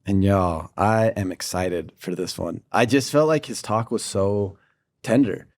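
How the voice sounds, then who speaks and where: A man's voice: fairly low pitch, unhurried. A young man co-hosting a faith podcast, chatting casually and telling a personal story with animation. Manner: animated storyteller who acts out the people he quotes. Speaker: podcast co-host.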